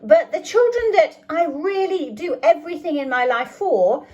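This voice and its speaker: Woman phonics teacher, high voice, earnest, spells out sounds slowly. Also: darkish tone, rough recording. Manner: sounds out phonemes slowly and deliberately. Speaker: phonics educator. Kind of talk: explanatory teaching talk.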